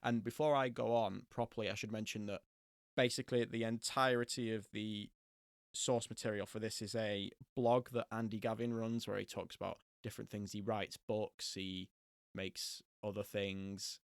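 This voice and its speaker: A young man hosting a casual retro gaming podcast, jokey and quick to laugh. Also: lowish voice, little pitch movement, smooth, dry recording, studio quality. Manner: jokey, laughs often, does silly voices. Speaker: podcast host. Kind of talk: casual chat.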